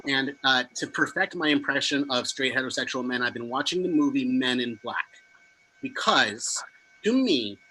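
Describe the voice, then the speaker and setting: A young man doing a stand-up comedy set with deadpan delivery and sudden loud punches of emphasis. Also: mid-range voice, normal speed, slight background noise. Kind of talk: stand-up set over a video stream.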